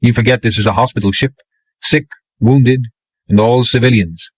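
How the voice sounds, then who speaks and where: A man reading an audiobook, voicing a steady, dry-humored naval petty officer who speaks mildly and wryly. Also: medium pitch, normal speed, husky, no echo, natural voice, low-quality recording. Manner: mild, wry.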